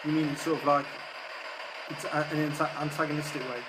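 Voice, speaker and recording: A man's voice: a little high, level tone, fairly quick. A man on a live ghost hunt, chatting and musing about what they hear. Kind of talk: live paranormal investigation. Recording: noisy ambience.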